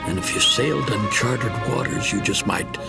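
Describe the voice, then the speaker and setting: A man's voice: fairly low pitch, normal speed, creaky, over loud music. An older man narrating a cartoon film in a storytelling manner.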